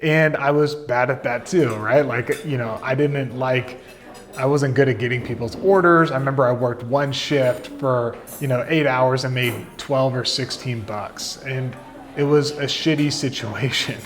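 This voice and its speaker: A man in his thirties telling his career story in a relaxed, chatty way, full of fillers and asides. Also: mid-range voice, a little slow. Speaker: content marketing coach. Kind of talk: casual storytelling to camera.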